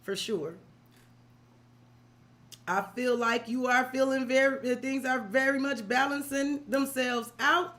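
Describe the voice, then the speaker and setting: Speaking high and slow with frequent pauses, a tarot reader on a live stream has a slightly bright voice. She addresses her client in casual, cussing slang and keeps checking in by asking "right?"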